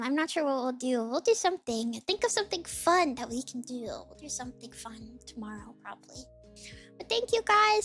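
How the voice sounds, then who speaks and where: A woman's voice: sits high, fairly bright tone. A young woman streaming as a VTuber, chatting with her viewers in a bubbly, giggly way and thanking raiders. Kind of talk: casual livestream gaming chat.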